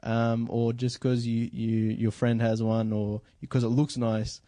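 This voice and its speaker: A man's voice: mid-range voice, little pitch movement, unhurried, dark tone, dry recording. A young man guesting on a casual podcast, chatty and telling stories with a laugh. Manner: chatty storyteller, laughs easily. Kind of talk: casual chat.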